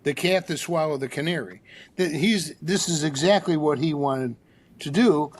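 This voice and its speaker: A man's voice: a little high, moderate pace. An older man, a therapist guest, telling a story in an interview and acting out the dialogue with energy. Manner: animated storyteller, acts out dialogue.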